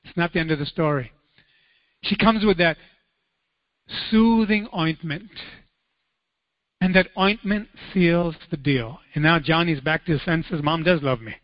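A male pastor preaching a sermon, telling stories in an animated way and acting out the voices with sudden high cries. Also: a little slow, pauses often, dry recording, long reverb tail, muffled recording.

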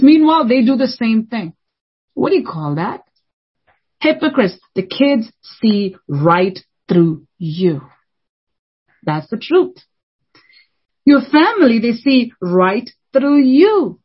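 A woman's voice: fairly high pitch, animated, unhurried, breathy edge, highs cut off. A woman preaching a fervent, scolding sermon, repeating lines for emphasis.

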